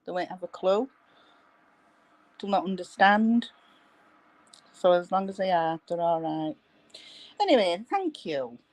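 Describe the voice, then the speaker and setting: A woman's voice: on the low side, lively intonation, a little slow, long pauses, darkish tone, dry recording, low-quality recording. A woman with a Barnsley accent from South Yorkshire, talking plainly and matter-of-factly as a guest on a live chat. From South Yorkshire, England. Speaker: guest caller. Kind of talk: casual chat.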